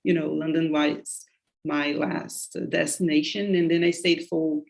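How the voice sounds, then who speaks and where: A woman's voice: sits low, flat delivery, a little slow, creaky. A woman from Brazil, Portuguese by first language, speaking English with a Brazilian accent as host of a casual conversational interview, telling stories in a loose way with restarts. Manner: storytelling, loose and chatty with restarts.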